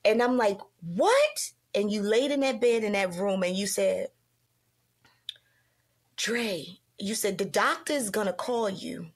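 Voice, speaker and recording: A middle-aged woman hosting a podcast, telling a story in a casual, animated way and acting out quoted dialogue. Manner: animated, acts out quoted dialogue with big pitch jumps. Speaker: podcast host.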